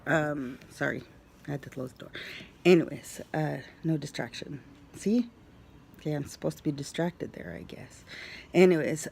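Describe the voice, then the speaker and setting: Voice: medium pitch, gravelly, darkish tone, a little hiss or hum. A vlogger casually retelling a dream to their viewers, rambling with many fillers and sometimes dropping into a whisper. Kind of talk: casual storytelling to camera.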